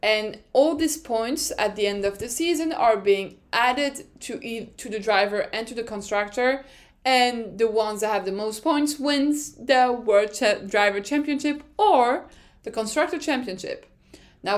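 A woman from France with a French accent, hosting a podcast in a casual, excitable explainer style that often breaks into laughter. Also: a little high, moderate pace. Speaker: podcast host.

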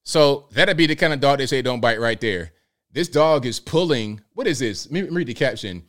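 A man's voice: medium pitch, lively intonation, a little fast, fairly bright tone. A man hosting a live call-in stream in casual, joking commentary, slangy and talking straight to his viewers. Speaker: show host.

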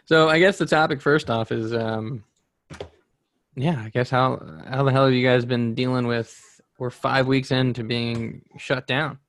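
A man's voice: mid-range voice, fairly even intonation, measured pace, no room sound. A young man with a slight lisp, hosting a casual podcast chat in a jokey way that often breaks into laughter. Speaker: podcast host.

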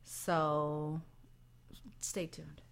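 A woman's voice: low voice, flat delivery, extremely slow, creaky. A woman hosting a radio talk show, chatting playfully and laughing often with her co-hosts.

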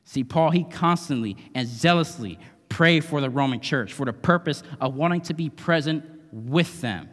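A guest preacher speaks in a slightly high, somewhat bright voice at a moderate pace, pausing little. His sermon in the church sanctuary is conversational and emphatic, full of tag questions, with long hall reverb.

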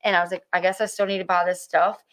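A woman telling a personal story in casual conversation, halting often with fillers and restarts. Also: fairly low pitch, little pitch movement, a bit bright. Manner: hesitant, many fillers and restarts.

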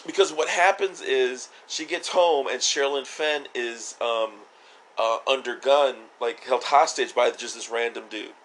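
A man's voice: mid-range voice, a little slow, a bit bright, poor audio. A man co-hosting a podcast in casual chat, joking and rambling with lots of fillers. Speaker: podcast co-host.

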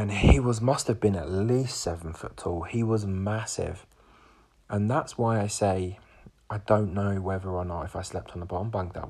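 A young man in his twenties, a podcast host, recounts a personal story in a loose, rambling way. His voice sits low and sounds gravelly and husky, and he keeps circling back with fillers and restarts. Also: a little mellow. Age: 20s.

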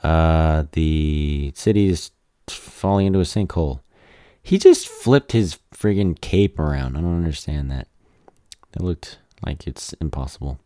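A man rambling casually as he reacts to movie trailers, halting and self-deprecating, his voice tired from talking all day. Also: rumbling low, mellow, dry recording, studio quality.

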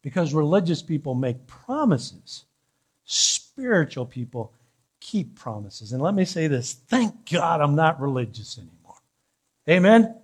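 A man's voice: fairly high pitch, very animated, unhurried, slightly rough. A male pastor preaching a sermon in church, teasing the congregation and building to fervent calls.

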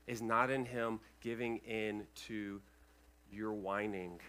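A male pastor preaching a sermon to his congregation, earnest and emphatic, with loud peaks and quiet asides, checking in with the room. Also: lowish voice, steady tone, takes it slowly. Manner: addresses the congregation with checking questions. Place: church sanctuary, speaking over a sound system.

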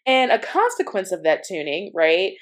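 Woman, mid pitch, casual spiritual storyteller, loose and rambling, lots of fillers. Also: big pitch swings, normal speed. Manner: rambling, many fillers and restarts. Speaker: spiritual channeler.

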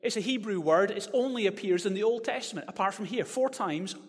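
A man delivers a sermon with animated energy, climbing to loud proclamations. His voice sits a little high. Long reverb from the hall trails after each phrase. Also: fairly quick, slightly rough. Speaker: preacher.

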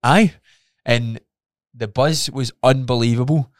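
A man chats on a podcast, telling his story with animated energy and plenty of swearing. He acts out his own reactions as he goes. His voice sits at a middling pitch, and the sound is dry and close to the mic. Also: takes it slowly, dry recording. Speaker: podcast co-host. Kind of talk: casual chat.

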